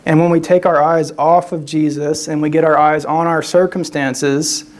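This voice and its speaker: A man's voice: on the high side, steady tone, moderate pace. A man giving a sermon as a guest speaker, talking conversationally, often restarting phrases and checking in with the listeners. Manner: conversational preaching with frequent "right?" tags and restarts.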